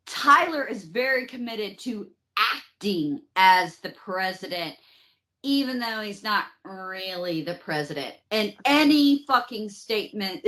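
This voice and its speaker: A woman hosting a podcast, telling history in a casual, profane, joking way. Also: mid-range voice. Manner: profane, animated storytelling with mock voices. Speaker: podcast host. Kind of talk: casual comedic history chat.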